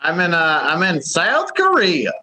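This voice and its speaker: A man doing a deadpan, halting correspondent bit in an improvised comedy segment, talking over a remote call. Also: a little high, slight background noise, exaggerated voice.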